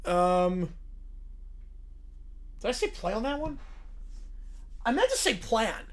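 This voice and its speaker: A male streamer chats on a live reaction stream. His pitch swings widely as he goes from goofy bits to dry, deadpan asides. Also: takes it slowly. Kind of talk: livestream reaction chat.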